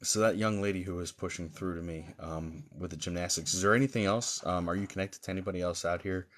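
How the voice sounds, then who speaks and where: Man, psychic medium, live stream reading, slightly low voice, halting, pauses and fillers, gentle and reassuring. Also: fairly even intonation. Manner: gentle and reassuring toward viewers.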